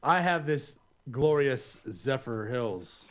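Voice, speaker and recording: Laid-back podcast host, faint hum behind. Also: male voice, mid-range voice, expressive, slow pace, dull audio. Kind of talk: casual podcast chat.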